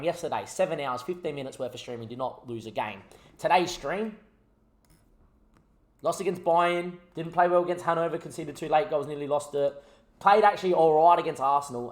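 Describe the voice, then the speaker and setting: Talking straight at the on-screen players, a young gaming YouTuber with a fairly high-pitched voice livens up his football management game with animated running commentary.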